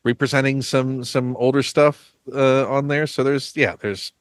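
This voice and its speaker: A man's voice: mid-range voice, steady tone, a little slow, no echo, studio quality. A man hosting an interview, talking in a chatty, teasing way. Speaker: host. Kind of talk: casual interview.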